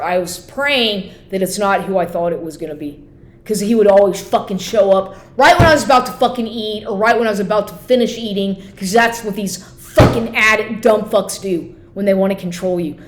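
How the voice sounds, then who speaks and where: Woman vlogger, angry swearing rant, mid-pitched voice, echoey room. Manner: profane, heated and repetitive.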